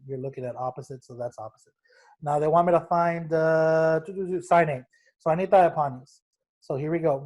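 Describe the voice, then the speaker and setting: A man's voice: fairly high pitch, darkish tone. A young adult man teaching a recorded math lesson, explaining steps casually with jokes and calling his students guys.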